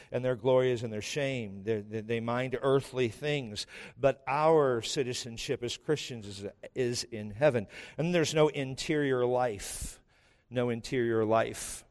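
A man's voice: mid-range voice, measured pace, darkish tone, in a large hall. A man preaching a sermon as pastor, emphatic and impassioned, firing rhetorical questions at the congregation. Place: church sanctuary.

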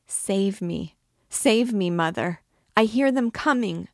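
A woman's voice: little pitch movement, measured pace, creaky, a little mellow, no room sound, studio quality. A woman voicing a frightened young woman condemned to die, pleading in a raised, breathless voice in a dramatic novel reading. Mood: terrified. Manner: pleading, breathless, higher pitched.

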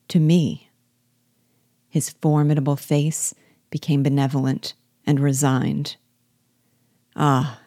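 Narrator: woman, low warm voice, measured expressive book reading, dry close mic. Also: no room sound. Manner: measured, expressive reading with quiet dialogue shifts. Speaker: narrator reading a novel aloud.

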